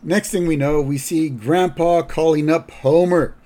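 A man casually recapping a cartoon episode as a podcast host, halting and rambling. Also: on the high side, steady tone, dark tone. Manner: rambling, halting, with fillers and restarts.

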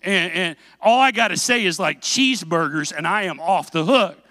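A man preaching a sermon, telling a self-mocking story with animated delivery and asking the congregation questions. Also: high-pitched, normal speed, no room sound.

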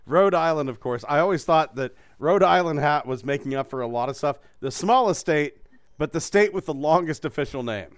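A man's voice: a little high, lively intonation, brisk, smooth, no echo, studio quality. A man hosting a casual podcast, joking, swearing and laughing often. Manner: profane, joking, laughs a lot. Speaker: host.

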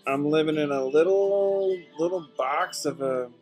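A podcast host at home delivers a slow, drawn-out comic monologue. It spirals into a self-pitying rant with plenty of swearing, while rock music plays faintly underneath. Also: mid-range voice, darkish tone. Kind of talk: comedic rambling monologue. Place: apartment at home. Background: rock music playing faintly.

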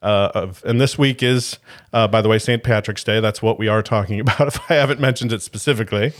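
A man's voice: lowish voice, a little fast. A man co-hosting a podcast in casual chat, joking and rambling with frequent fillers. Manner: jokey, rambling with many "uh" fillers and laughs. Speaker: podcast co-host.

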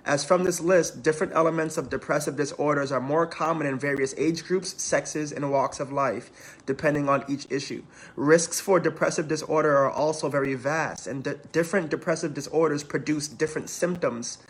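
A man's voice: a little high, steady tone, normal speed. A man preaching, reading scripture aloud and talking to the congregation in a conversational way. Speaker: preacher and counselor in training.

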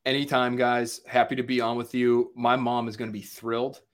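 A man's voice: medium pitch, flat delivery, moderate pace. An American man, a sports journalist, chatting as a podcast guest, jokey and upbeat. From United States. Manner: jokey, upbeat, repeats himself. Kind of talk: casual podcast chat.

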